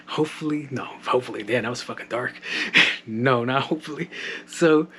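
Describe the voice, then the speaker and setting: A man's voice: mid-range voice, brisk, bright, forceful tone, a little hiss or hum. A young man hosting a podcast, telling casual stories with lots of swearing and laughing at his own jokes. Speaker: podcast host. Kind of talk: casual storytelling monologue.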